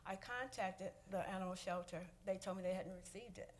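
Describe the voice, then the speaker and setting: Halting, emotional woman at public comment. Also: medium pitch. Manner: halting, many fillers, emotional. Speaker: resident speaking at public comment. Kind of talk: public comment at a council meeting.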